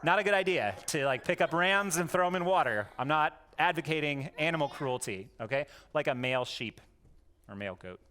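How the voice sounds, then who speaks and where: Animated and a little fast, this dad's voice is slightly high, bright and forceful. He jokes through a playful home lesson with his young daughters, coaxing them to repeat words in a goofy, jokey manner.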